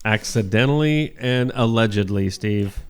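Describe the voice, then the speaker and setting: A man's voice: fairly low pitch, unhurried, clear, resonant tone. A man co-hosting a morning radio show, reading out celebrity birthdays in an easygoing, chuckling manner. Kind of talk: casual morning show banter.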